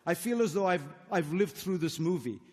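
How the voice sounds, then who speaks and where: A man's voice: sits high, expressive, normal speed, darkish tone. A man who grew up in India, arguing earnestly in a formal debate before a live audience, stacking points into rhetorical lists. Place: large hall with a live audience. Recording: echoey hall.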